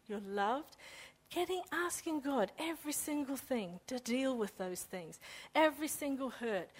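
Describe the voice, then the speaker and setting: Earnest woman sharing a faith testimony. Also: on the high side. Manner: earnest, halting, often repeats words as she restarts. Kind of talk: personal testimony talk.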